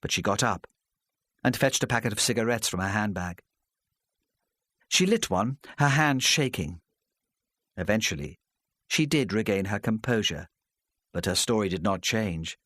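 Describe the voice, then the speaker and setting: Expressive male audiobook narrator. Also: fairly low pitch, moderate pace, long pauses, no room sound, studio quality.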